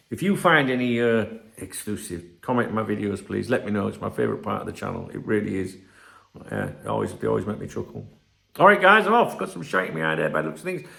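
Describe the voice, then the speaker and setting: A man's voice: fairly low pitch, animated, fairly quick, gravelly, a bit bright, echoey room. A man hosting a football channel, reading news aloud and mocking it in a sweary, sarcastic rant. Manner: mocking, sweary, reads articles aloud and rants. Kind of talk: sarcastic solo commentary.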